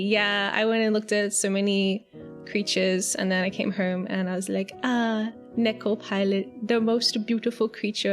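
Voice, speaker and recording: A young Australian woman chatting casually on a live stream, rambling and giggling, with the odd swear word. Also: medium pitch. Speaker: VTuber streamer.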